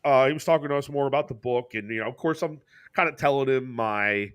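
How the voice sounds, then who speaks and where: Brief: American podcast co-host, mid pitch, casual and animated, curses freely, goes high when quoting people. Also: male voice, fast, clean tone. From United States. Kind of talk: casual storytelling chat.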